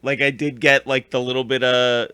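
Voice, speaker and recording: A man's voice: medium pitch, level tone, moderate pace, pushed and bright, smooth, dry recording. A young man co-hosting a casual recap chat, rambling with lots of fillers and acting out scenes. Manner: rambling, filler-heavy, acts out scenes in funny voices. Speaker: podcast co-host.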